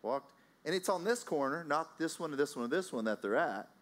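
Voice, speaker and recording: A man from Texas with a Texan accent preaching a sermon. He tells a story in a lively, conversational way, chuckling often and calling out to the congregation. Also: on the high side, moderate pace.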